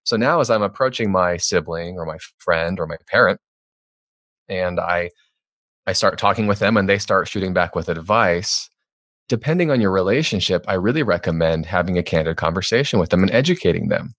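Low-voiced man talking frankly as a guest. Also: brisk, no echo, studio quality. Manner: candid, reflective, animated when acting out quotes. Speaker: author and podcast guest. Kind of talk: conversational interview.

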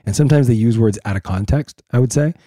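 A man co-hosting a casual podcast, talking in a relaxed, dry and teasing way. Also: medium pitch, fast, dry recording. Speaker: co-host.

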